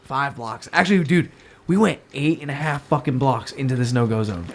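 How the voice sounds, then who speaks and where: A man's voice: medium pitch, normal speed. A young man from the New York area, a podcast guest telling a story in casual talk, swearing and acting out the people in it. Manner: animated, swearing, acts out voices in his stories.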